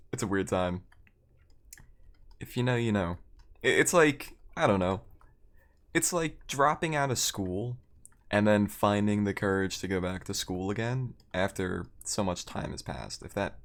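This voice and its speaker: A man chatting casually with his viewers while he plays a game on a live stream, rambling and poking fun at himself. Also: lowish voice.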